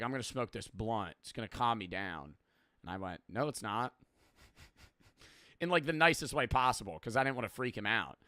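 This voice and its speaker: A young man streaming, telling stories in a rambling, profane, animated way. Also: medium pitch, clean tone, no echo, clean studio sound. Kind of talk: casual reaction stream storytelling.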